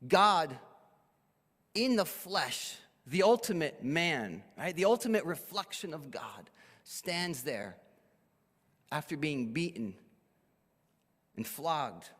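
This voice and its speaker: A man's voice: a little high, slow, long pauses. Male pastor, emphatic sermon delivery, wide swings, echoey church hall. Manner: animated, emphatic, drops to quiet for weight.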